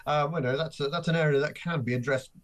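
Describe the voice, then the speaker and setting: A man being interviewed on radio as an economist, explaining calmly with many fillers. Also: on the high side, fast. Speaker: economist guest.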